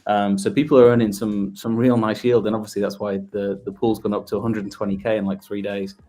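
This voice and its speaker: A man, a guest on a casual audio chat, talking in a relaxed way with many fillers. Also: on the low side, fast. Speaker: guest from a project team.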